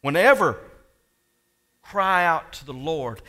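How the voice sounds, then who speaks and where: A male pastor preaching a sermon, swinging between quiet asides and loud, impassioned lines and talking directly to his congregation. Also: fairly high pitch, sing-song, unhurried.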